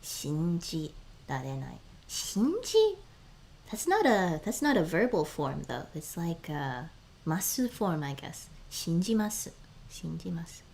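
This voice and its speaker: A woman's voice: sits low, sing-song, gravelly, darkish tone, slight background noise. Giggly woman muttering through lessons. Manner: sounds out words slowly, drops to murmurs and whispers; laughs often between phrases. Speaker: streamer. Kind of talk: casual live-stream chat.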